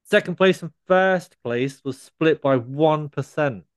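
Man, smooth, dry close sound. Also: a little high, takes it slowly, no echo. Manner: laughing while recounting a story. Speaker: podcast co-host. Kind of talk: casual podcast chat.

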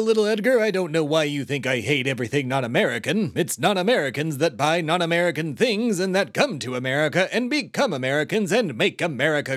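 This is a pompous, grandiose patriot blowhard, played by a man. His voice sits a little high and swings widely across its range. The sound is close and dry. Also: fairly bright tone, no room sound. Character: pompous self-important male patriot senator. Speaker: comedy podcast host. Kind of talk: scripted comedy sketch.

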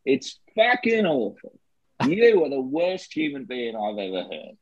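Dude doing a brash aussie bloke, husky, swears a lot, lively ups and downs. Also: male voice, medium pitch, measured pace, no room sound. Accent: Australian, put on. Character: brash Australian ex-spy actor, male, crude. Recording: slightly lo-fi dry recording.

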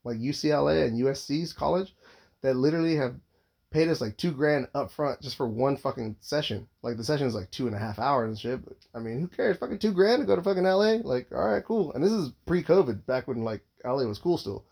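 A man's voice: mid-range voice, lively intonation, a little fast, vocal fry, a little mellow, husky. A man in his thirties, a father, telling a long casual story, rambling and swearing constantly with lots of filler words.

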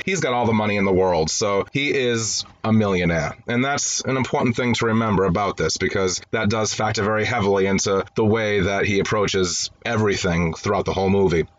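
A man hosting a movie review show, talking through film setups in a chatty, wry way with quick asides. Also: fairly low pitch, a bit bright. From grew up in an Italian-American home. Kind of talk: conversational film review monologue.

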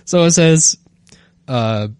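A man's voice: fairly high pitch, animated, takes it slowly, a little mellow, clean tone. A man co-hosting a podcast, easygoing and a little hesitant, reading forum posts aloud. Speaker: podcast co-host.

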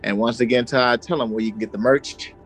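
A laid-back man co-hosting a podcast, chatting in slang and laughing easily. His pitch sits right in the middle for a man. Soft music plays faintly under his voice. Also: steady tone, brisk, rough recording. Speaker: podcast co-host. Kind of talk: casual chat.

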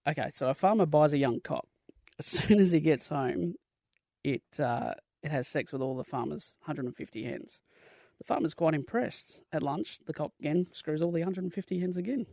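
A gravelly-voiced Australian man chats as a podcast guest, recorded close and dry. He talks freely, tells stories and laughs easily. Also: a little high, expressive, normal speed, warm tone, no echo. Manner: chatty storyteller, laughs easily. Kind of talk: casual gaming podcast chat. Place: podcast studio.

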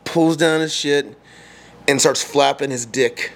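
A man's voice: on the high side, slow pace, creaky, fairly bright tone. A man casually telling crude stories to friends, often stammering and giggling as he goes.

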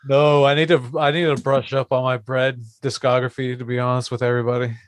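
A man's voice: medium pitch, flat delivery, fast talker, smooth, no echo. A man co-hosting a podcast, joking wryly and swearing in a casual chat.

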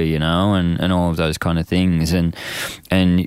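A man being interviewed, talking in a loose, rambling way with many fillers and restarts, and getting animated when he acts out what others say. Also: deep voice, normal speed, clean tone, dry recording, clean studio sound. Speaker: guest, men's program founder. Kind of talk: casual conversational interview.

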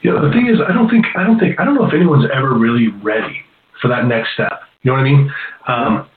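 A man's voice: mid-range voice, quick pace, slight background noise. A middle-aged man, a hypnotist and comedian, telling stories in a rambling, self-deprecating way during a casual interview. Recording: roomy, tinny phone-like sound.

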